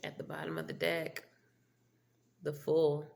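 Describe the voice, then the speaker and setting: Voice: medium pitch, monotone, unhurried, creaky. A tarot reader giving a casual spiritual reading to viewers with a stuffy, congested voice, often checking in with "okay?" and "all right?". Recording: echoey room with faint background noise.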